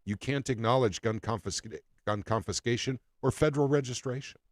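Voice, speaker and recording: A man's voice: mid-range voice, brisk, no echo, clean studio sound. A man hosting a casual political talk show, speaking emphatically and repeating phrases for effect. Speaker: podcast host.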